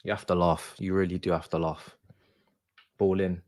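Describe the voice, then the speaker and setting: A man's voice: deep voice, little pitch movement, normal speed, darkish tone, no echo. A young man, streaming a football watch-along and reacting with sighs, swearing and exasperated grumbling. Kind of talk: live match reaction.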